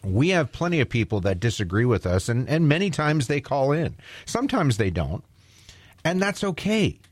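A man's voice: mid-range voice, very animated, normal speed, no echo. A male co-host speaks on talk radio in an ordinary mid-range voice, close and dry on the studio mic. He hesitates a lot, fills gaps with ums and restarts, with a wry edge. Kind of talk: talk radio, on-air banter. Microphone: studio microphone.

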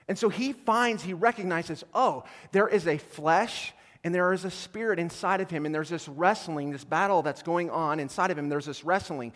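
A male pastor delivers a sermon in a high voice, animated and playful, acting out quoted voices and swinging from hushed lines to loud bursts. His voice rings out with a long reverb, as in a large church hall. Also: moderate pace, hardly any pauses. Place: church auditorium.

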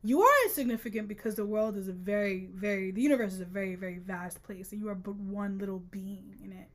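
A woman's voice: medium pitch, fast. A woman co-hosting a casual book-club podcast, reading passages aloud and riffing on them with exasperated jokes. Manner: animated, reads quotes aloud and riffs with exasperated jokes. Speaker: podcast co-host.

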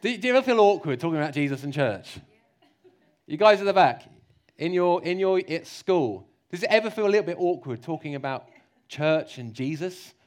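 A man preaching a sermon. He talks in a lively, joking way and acts out little mock voices. His voice sits a bit high. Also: a little fast.

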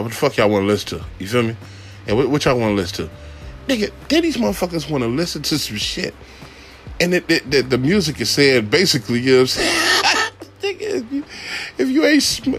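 Brief: animated male comic storyteller, high voice that leaps around, faint music under it. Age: adult father. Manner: profane, exclamatory, swings between shouting high and muttering low. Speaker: rideshare driver.

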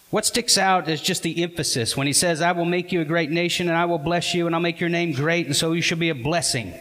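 A man's voice: on the high side, a bit bright, in a large hall, low-quality recording. A man preaching a sermon as a pastor, earnest and putting questions to the congregation.

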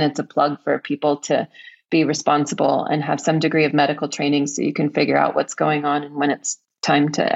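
A woman telling a story in a steady, matter-of-fact way during an interview. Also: low voice, highs cut off. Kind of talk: casual interview chat.

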